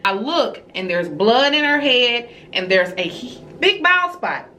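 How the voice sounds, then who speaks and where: A woman with a bright, forward voice telling a family story to her viewers in a chatty story-time vlog. She is animated and swoops up high whenever she acts out her own reactions. She speaks casually and directly to her audience. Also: a little slow, slight background noise, poor audio.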